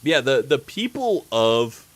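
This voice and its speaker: A man's voice: mid-range voice, very animated, slow pace, no echo. A man streaming live, telling a story in a rambling, casual way, with lots of fillers and swearing.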